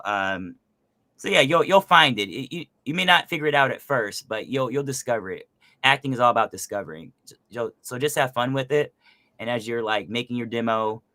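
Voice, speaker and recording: Youthful-sounding man, bright and energetic. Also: lowish voice, no echo. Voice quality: youthful, resonant. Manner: energetic, loose, lots of fillers. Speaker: host and voice actor. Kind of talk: casual chat.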